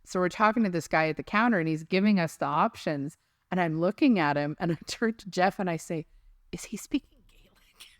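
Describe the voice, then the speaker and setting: A woman's voice: lowish voice, a little fast, dry recording, clean studio sound. A woman co-hosting a podcast, chatting animatedly and telling stories. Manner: animated, laughing, storytelling. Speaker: podcast co-host. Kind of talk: casual chat.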